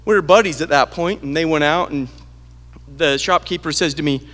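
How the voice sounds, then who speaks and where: A middle-aged man tells family stories at a memorial, his voice sitting a little high for a man. He delivers the anecdotes with animation and slips into the voices of the people he quotes. His voice carries into the long reverb of a large hall through a podium microphone. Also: normal speed, fairly bright tone. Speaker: eulogist. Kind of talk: storytelling at a memorial.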